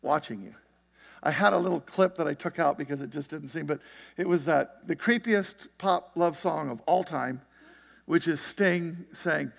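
Gravelly high-voiced pastor preaching in a hall. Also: male voice, moderate pace. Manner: conversational preaching with frequent "right?" and "you see it?". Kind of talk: sermon.

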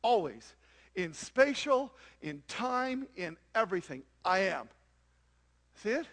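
A man's voice: sits high, big pitch swings, slow pace, a bit bright. A man preaching a sermon to a congregation, often asking them rhetorical questions. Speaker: pastor.

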